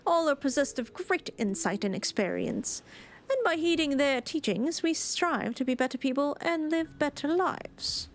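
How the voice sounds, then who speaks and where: A woman's voice: sits high, animated, moderate pace, slight background noise, voice pushed up. A woman voicing a courteous island villager with a put-on British accent, reading lore aloud formally. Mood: gracious. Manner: formal, storytelling read-aloud. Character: courteous island villager explaining local gods.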